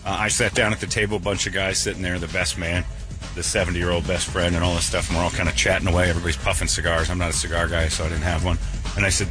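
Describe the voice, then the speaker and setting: A man's voice: sits low, fairly even intonation, fast, a bit bright, faint music behind. A middle-aged man hosting a radio show, telling a rambling, self-mocking story in a casual joking way.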